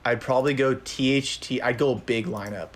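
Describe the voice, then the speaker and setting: A young man co-hosting a casual sports podcast, talking in an animated way that is full of "like" and "dude". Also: medium pitch, brisk. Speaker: podcast co-host.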